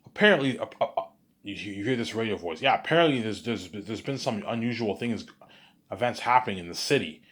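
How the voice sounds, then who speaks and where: A man's voice: lowish voice, fairly quick. A man telling an imagined film scene in a loose, rambling way, restarting sentences and checking in with his listener. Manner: rambling, restarts often, keeps repeating "you know what I'm saying". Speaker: storyteller.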